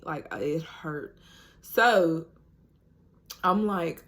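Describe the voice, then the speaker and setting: A woman with a somewhat low voice tells a personal story straight to her viewers. She talks in a loose, chatty way, peppering her sentences with "like" and "you know." It is relaxed, casual vlog storytelling. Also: normal speed, creaky. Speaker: vlogger.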